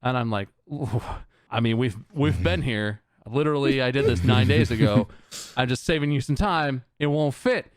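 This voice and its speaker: A man's voice: mid-range voice, moderate pace, dry recording, clean studio sound. A man hosting a podcast, telling an exasperated, sarcastic story in casual chat, swearing freely and laughing along the way. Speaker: podcast host.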